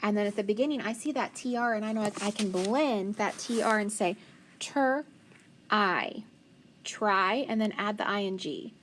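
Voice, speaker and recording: A woman's voice: mid-range voice, steady tone, fast talker, hardly any pauses, a little hiss or hum. A woman teacher leading a phonics lesson for young children, patiently sounding out words and praising answers.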